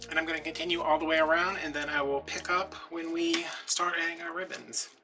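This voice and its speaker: A man's voice: on the high side, little pitch movement, fairly quick. Man, casual crafting vlog, rambling and chatty, mic a bit far off, music playing behind. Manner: rambling, chatty storytelling with many fillers. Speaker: DIY wreath-making host. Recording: distant mic with background music.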